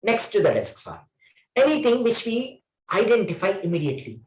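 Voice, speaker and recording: A man's voice: high voice, sing-song, fairly quick, reverberant, poor audio. A man teaching an online English grammar class, often repeating phrases and correcting himself. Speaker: English trainer.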